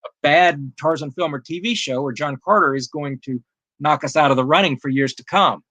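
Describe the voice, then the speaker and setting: A man's voice: fairly high pitch, a little fast, pushed and bright, no room sound. A man speaking as the guest author in an interview, in an earnest and thoughtful way. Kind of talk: interview conversation.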